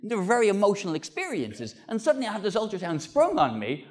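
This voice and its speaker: A man's voice: sits high, very animated, quick pace, few pauses. Self-mocking stand-up comedian man. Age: 40s. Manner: wry, self-mocking storytelling with sweary punchlines.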